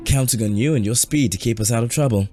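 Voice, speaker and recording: A man's voice: medium pitch, quick pace, over music, pitched above the performer's own voice, natural voice. A man voicing a dry, sarcastic young male ally in a story game.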